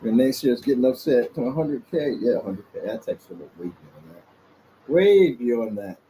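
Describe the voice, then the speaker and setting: A man talking straight into the camera in his office with a lively voice that swings up and down, rambling and combative as he taunts his critics. His tone is mellow and dark, and there is a faint hiss of background noise behind him. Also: medium pitch, quick pace, low-quality recording. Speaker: small business owner vlogging. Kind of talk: casual off-the-cuff vlog rant. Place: office indoors.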